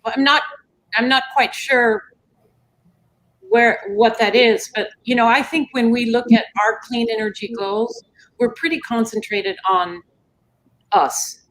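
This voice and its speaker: A woman's voice: a little high, a little slow, long pauses, a bit bright, rough recording. A woman speaking as a panelist, talking in a conversational way with many fillers. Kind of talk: panel discussion.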